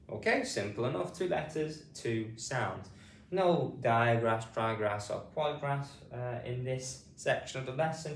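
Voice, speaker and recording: A man with a British accent teaching phonics, patiently saying each word and spelling it out letter by letter. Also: mid-range voice. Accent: British English. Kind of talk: slow spelled-out pronunciation lesson. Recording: roomy sound, mic at a distance, faint noise behind.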